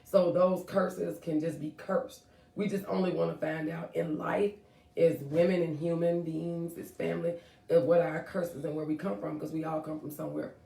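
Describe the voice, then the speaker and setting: A hoarse woman speaks as a guest on a casual talk show, earnest and direct. Her voice is gravelly at a middle pitch. It sounds roomy and echoey, caught from away from the mic. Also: flat delivery, moderate pace, dark tone, distant mic. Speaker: guest, charity organizer.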